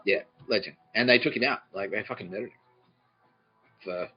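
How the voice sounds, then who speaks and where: A man's voice: on the low side, fairly quick, husky. A man, hosting a podcast in a rambling comedic monologue, swearing often and laughing mid-sentence. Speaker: podcast host. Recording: dull lo-fi recording with faint music.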